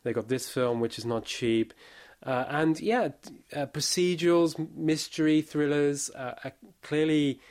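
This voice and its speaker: A man reviewing a film in casual chat, pausing often with fillers and restarts. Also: fairly high pitch, darkish tone. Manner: hesitant, many fillers and restarts. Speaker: film critic.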